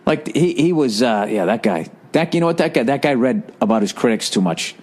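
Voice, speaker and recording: A man's voice: medium pitch, animated, fairly quick, darkish tone. Profane, sarcastic ranting man. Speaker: podcast host. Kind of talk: solo ranting monologue.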